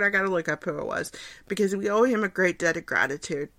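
A woman's voice: lowish voice, fast talker, fairly bright tone, dry recording. A woman in her forties hosting a casual solo podcast, chatty and self-deprecating, laughing often as she answers questions. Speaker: podcast host. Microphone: home recording setup.

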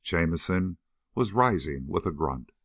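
Deep, gravelly male audiobook narrator. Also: animated, measured pace, fairly bright tone, no echo, clean studio sound. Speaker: audiobook reader. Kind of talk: audiobook narration of a pulp adventure novel.

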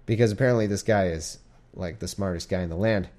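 A man's voice: sits low, quick pace, a little mellow. A man casually reading scripture aloud and commenting in a rambling, irreverent way, often swearing and stumbling over names. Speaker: reader and commentator.

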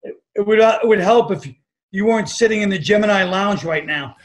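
A man guest on a comedy podcast, telling stories in a dry, deadpan way with wry jabs. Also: high voice, brisk, noisy background.

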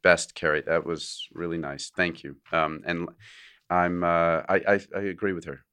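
A man's voice: deep voice, flat delivery, normal speed, pushed and bright, smooth. A man co-hosting a podcast, chatting casually and reading a listener's letter aloud with joking asides and frequent laughs. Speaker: podcast co-host.

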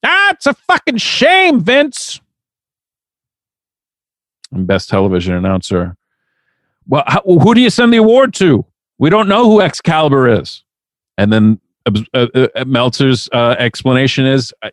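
A man's voice: mid-range voice, big pitch swings, normal speed, no room sound, studio quality. A man co-hosting a podcast, riffing with sarcasm and plenty of swearing. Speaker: podcast co-host. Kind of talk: casual chat.

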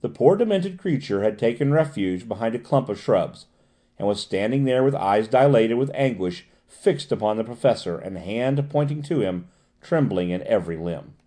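Mellow-voiced male audiobook narrator. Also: medium pitch, lively intonation, moderate pace. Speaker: audiobook reader. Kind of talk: scripted narration.

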